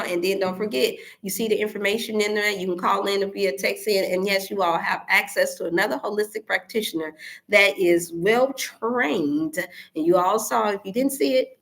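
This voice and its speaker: A middle-aged woman hosting a wellness show in casual, preachy livestream talk to her viewers, turning animated and emphatic. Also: on the low side. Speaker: wellness channel host.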